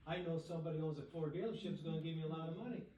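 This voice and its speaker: A middle-aged or older man giving an animated talk at a society dinner, asking the audience questions. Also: a little high, racing, dull audio. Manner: animated, asks the room questions. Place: banquet room with audience. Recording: echoey room, speaker far from mic.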